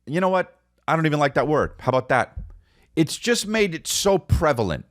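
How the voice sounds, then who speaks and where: A man's voice: fairly high pitch, very animated, normal speed, no echo, studio quality. A man in his forties hosting a podcast, rambling through a comedic monologue and slipping into silly voices. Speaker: podcast host.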